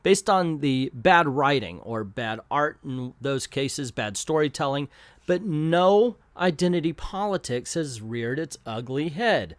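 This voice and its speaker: Sarcastic guy ranting about a comic, kinda high voice, dry. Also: expressive, unhurried, dry recording. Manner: sarcastic, exasperated. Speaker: comic book reviewer. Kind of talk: casual commentary vlog.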